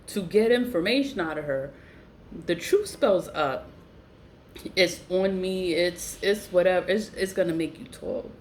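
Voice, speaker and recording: A woman, telling a family story to her viewers in a blunt, animated way and swearing freely. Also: a little slow, a little hiss or hum. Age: 40s. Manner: animated, blunt, swears freely, voice jumps high when incredulous. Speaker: vlogger. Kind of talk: casual storytelling to camera.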